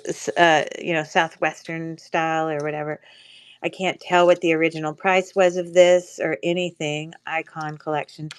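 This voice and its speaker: A woman's voice: sits low, clear, resonant tone. A woman with a stuffy nose from a cold, chatting casually with many ums while running a live jewelry auction. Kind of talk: casual live-stream selling chat.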